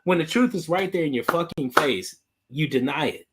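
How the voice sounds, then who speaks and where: Man, podcast co-host, rambling, animated, restarts, slightly high voice. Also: moderate pace, background noise. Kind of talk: casual profane talk.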